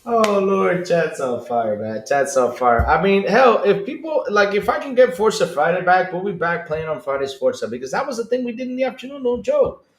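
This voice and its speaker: Rambling guy hosting a stream, chats along w the chat, bit higher voice, roomy echo. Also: very animated, moderate pace, hardly any pauses. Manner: chatty, rambling, reads out chat messages. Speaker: podcast host. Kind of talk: casual live-stream chat.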